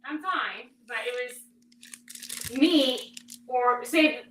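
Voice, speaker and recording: A woman with a high, bright voice speaks quietly and sounds subdued in casual chat. She is away from the mic in an echoey room, with faint noise behind. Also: drawn-out words. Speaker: host's wife.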